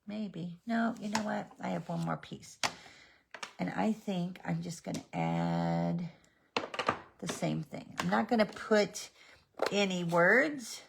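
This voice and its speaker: Casting note: woman hosting a live craft demo, gravelly fry in her voice, faint hiss on the recording. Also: lowish voice, very animated. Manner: slow, chatty, talks to her pet between steps. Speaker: stamping demonstrator.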